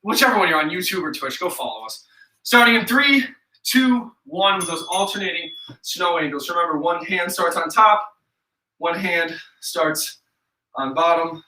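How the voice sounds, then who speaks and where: Upbeat upstate New York fitness coach. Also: male voice, sits high, expressive, normal speed, sharp tone. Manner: casual, chatty, counts reps aloud. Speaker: fitness instructor. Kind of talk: live follow-along workout instruction. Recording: echoey room, voice from a distance.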